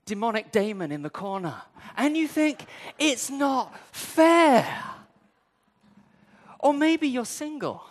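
A man's voice: extremely high pitch, in a large hall. A man preaching a sermon in a church, talking straight to the congregation and acting out people's inner voices with humor. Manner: speaks directly to the congregation. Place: church sanctuary.

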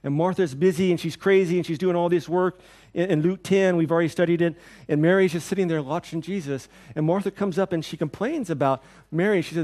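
A middle-aged male pastor preaching in a loose, conversational way, his voice sitting a little higher than most men's. He is animated, acting out the people he quotes, then turns quiet and soft when the passage becomes tender. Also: brisk, few pauses. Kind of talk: sermon.

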